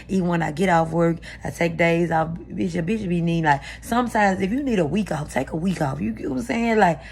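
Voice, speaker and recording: A woman's voice: lowish voice, gravelly. A woman vlogger talking candidly to camera, rambling and confessional as she vents. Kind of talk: venting to camera. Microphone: camera mic.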